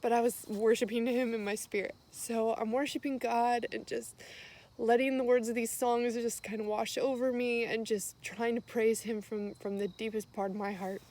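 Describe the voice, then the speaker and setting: A woman's voice: a little high, fairly even intonation, moderate pace, a little mellow. A young woman vlogger sharing a personal faith testimony, tearful and emotional, with many fillers as she tells her story.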